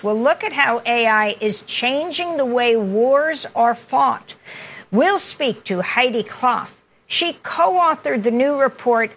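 Female news host, middle pitch, formal, reads headlines and show links. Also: a bit bright.

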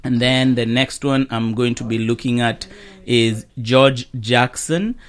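A man's voice: medium pitch, fairly even intonation, takes it slowly. A male community radio host, talking conversationally and laughing often.

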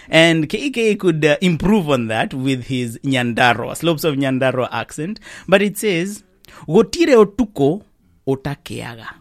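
A man's voice: on the high side, a bit bright, dry recording, clean studio sound. A male community radio host, talking conversationally and laughing often.

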